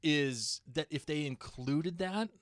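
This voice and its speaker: A man's voice: fairly high pitch, slow, no room sound, studio quality. A man co-hosting a podcast in casual chat, reading listener emails aloud. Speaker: podcast co-host.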